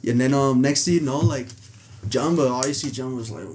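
A man's voice: medium pitch, a little fast, a little mellow. A young man hosting a casual sports podcast, talking in a rambling, profane way and laughing often. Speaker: podcast host.

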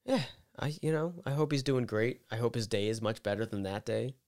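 Young male podcast co-host, animated storyteller who acts out quotes. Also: medium pitch, brisk. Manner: animated, acts out quotes loudly, swears a lot. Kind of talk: casual storytelling chat.

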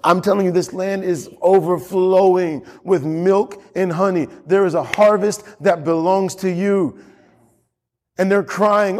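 A man preaches with fervor, his voice sitting high and climbing further as he presses each point. He repeats lines for weight, delivering a sermon to a congregation. The sound carries a long reverb from a large hall. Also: normal speed, a little mellow. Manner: impassioned, repeats phrases for emphasis. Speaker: pastor.

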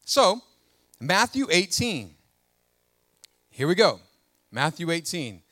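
A man's voice: fairly high pitch, takes it slowly, no echo, clean studio sound. A man preaching a sermon as pastor, reading scripture aloud and calling out to his congregation. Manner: animated preaching with call-outs to the congregation; reads scripture aloud and comments between verses.

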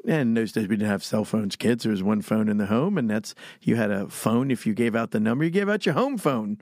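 An older man from Pennsylvania, appearing as an interview guest, tells rambling stories and chuckles through casual conversation. His lowish, slightly mellow voice is animated and fairly quick, captured in a dry, studio-quality recording.

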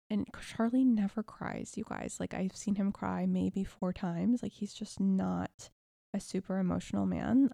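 A woman's voice: medium pitch, gravelly, dark tone, dry recording, studio quality. A young woman hosting a podcast, telling a personal story in a gushing, emotional way with many fillers. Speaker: podcast host.

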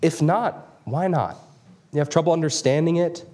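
A man's voice: fairly high pitch, moderate pace, mellow. A middle-aged man, a pastor, preaching an expository sermon to his congregation and earnestly questioning his listeners directly.

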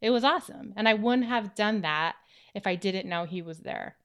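A woman's voice: medium pitch, moderate pace, a bit bright, clean tone. A woman co-hosting a faith-based chat, telling an earnest personal story. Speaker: co-host.

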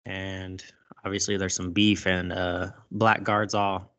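A man casually recapping a movie, animated and profane, acting out lines as he goes. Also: low voice, slow pace. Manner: animated, swears a lot, acts out lines. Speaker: podcast host recapping a movie. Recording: dull lo-fi sound.

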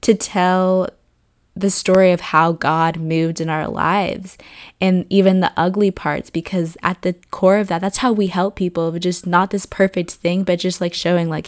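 A woman hosting a faith podcast, her voice a little hoarse with morning rasp. She talks in an earnest, rambling way with many "like" fillers. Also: fairly low pitch, level tone, normal speed. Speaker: podcast host. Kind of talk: casual faith podcast reflection.

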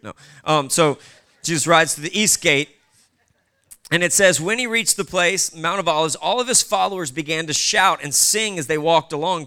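A man's voice: high voice, sharp tone, clear, resonant tone. A male pastor preaching casually, with conversational asides to the congregation. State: short on sleep. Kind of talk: sermon.

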